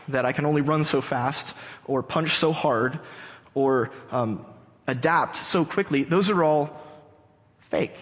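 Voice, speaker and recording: A bewildered young hacker, as a preacher puts him on, muses aloud in an agitated, searching voice. The sound rings with the long reverb of a big church hall. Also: male voice, fairly high pitch, close to an everyday voice. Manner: agitated, wondering inner voice. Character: young male hacker, confused then awakening.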